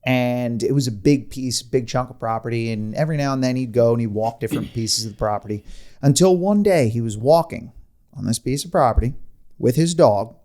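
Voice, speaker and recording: A man hosting a podcast, spinning a creepy tale in loose, conversational storytelling. His voice sits at an ordinary middle pitch. He laughs often and drifts into rambling asides. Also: fairly quick, dark tone. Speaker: podcast host. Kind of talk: casual storytelling chat.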